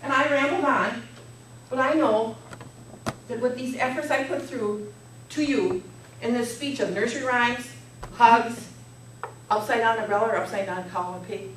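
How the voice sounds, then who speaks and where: A woman's voice: a little high, moderate pace, pauses often, fairly bright tone. A middle-aged woman giving a humorous speech to an audience, playful and leading the room in jokes and laughter. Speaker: contest speaker. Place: meeting hall with audience. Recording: echoey hall from far off, faint noise.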